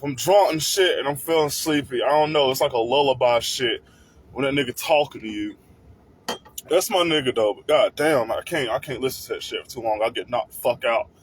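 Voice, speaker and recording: A man hosting a crude, profane comedic rant, often breaking into shouting. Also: mid-range voice, a little fast, husky. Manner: crude, swearing, bursts into shouting.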